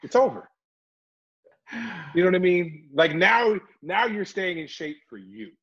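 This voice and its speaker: A man's voice: high voice, normal speed, fairly bright tone, husky, lo-fi sound. A middle-aged man, an actor, chatting animatedly in an interview and slipping into voices as he tells stories. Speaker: actor and guest. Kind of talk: casual interview storytelling.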